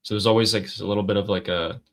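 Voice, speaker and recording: Laid-back low-voiced American man. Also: steady tone, racing. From United States. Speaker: livestream co-host. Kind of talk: casual livestream chat.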